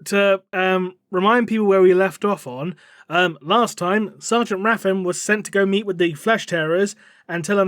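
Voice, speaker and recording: A man's voice: high-pitched, moderate pace, a bit bright, no room sound, studio quality. A man on a podcast, casually retelling a story with playful swearing. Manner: playful, swears, acts out characters in quoted dialogue. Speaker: podcast co-host.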